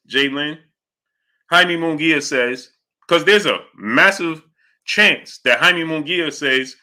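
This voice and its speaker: A man hosting a live boxing talk stream, breaking off his points to greet viewers in the chat and asking whether they understand what he's saying. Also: medium pitch. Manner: rapid shout-outs to chat viewers, repeats "you understand what I'm saying". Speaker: boxing talk show host. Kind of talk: live-stream commentary reading super chats.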